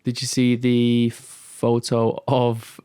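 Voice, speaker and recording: A young man, co-hosting a casual podcast from a remote setup. He talks at an ordinary middle pitch and wanders through his stories with plenty of fillers, laughing easily along the way. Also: completely flat delivery, slow pace, warm tone, clean tone. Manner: rambling storyteller, heavy on fillers, laughs easily. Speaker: podcast co-host. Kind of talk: casual chat. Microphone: remote call recording.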